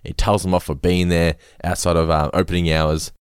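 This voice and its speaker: A man's voice: deep voice, level tone, a little fast, smooth, dry recording, clean studio sound. A man co-hosting a podcast, recapping a sitcom in casual chat, laughing often, swearing freely and acting out the lines. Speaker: podcast co-host.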